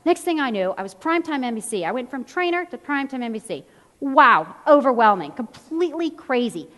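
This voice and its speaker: Animated woman speaking on a hall stage. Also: high voice, brisk. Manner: animated storyteller, acts out quotes. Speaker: fitness trainer and speaker. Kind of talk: motivational stage talk. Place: large event hall. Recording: long hall reverb.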